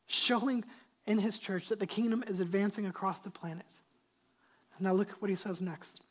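A man's voice: sits high, moderate pace. A man delivers a sermon from the pulpit with an emphatic, driving manner. He keeps turning to the congregation with rhetorical questions and repeats his key lines for weight. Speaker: pastor.

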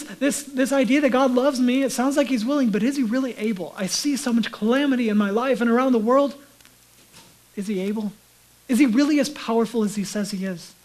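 A man giving a sermon as a pastor, talking conversationally and dropping to a hushed whisper for emphasis. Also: very high-pitched, low-quality recording.

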